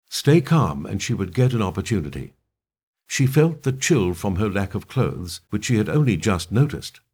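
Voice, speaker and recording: A man reads thriller narration aloud in a low, somewhat husky voice. His delivery is steady, yet the pitch rises and falls expressively.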